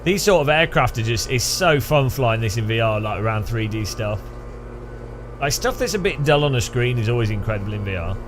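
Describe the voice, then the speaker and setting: A man's voice: mid-range voice, lively intonation, fairly quick, music in the background. A man giving rambling, jokey gameplay commentary, thinking aloud. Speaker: gaming channel host.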